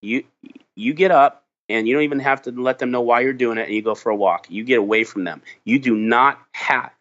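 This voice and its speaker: Slightly quick and a bit bright, this mid-range male voice belongs to a middle-aged founder guesting on a podcast. He shares an inspiring story earnestly, frequently starting phrases over, over muffled lo-fi sound.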